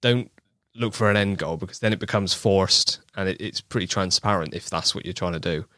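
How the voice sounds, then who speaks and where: A man with a West Country accent chats on a podcast in a low, unhurried voice. He is easygoing and thoughtful and laughs often, and the sound is close and dry. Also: bright, forceful tone, no echo. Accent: West Country English. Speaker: podcast guest, angling video maker. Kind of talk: casual podcast chat.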